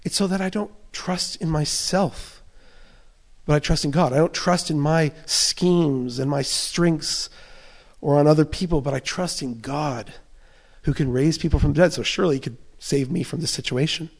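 A man preaching with passion, his voice sitting a little high for a man. He voices an apostle's fears and prayers in the first person, rising to urgent, loud cries and dropping to hushed, near-whispered words. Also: normal speed, creaky. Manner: impassioned, voicing Paul's inner thoughts, swings from loud to soft. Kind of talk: sermon.

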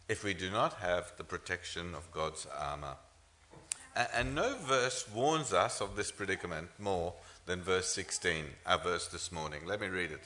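A man's voice: on the low side, unhurried, pushed and bright, slight background noise. A man preaching a sermon as pastor, earnest, with rhetorical questions and frequent "uh" fillers.

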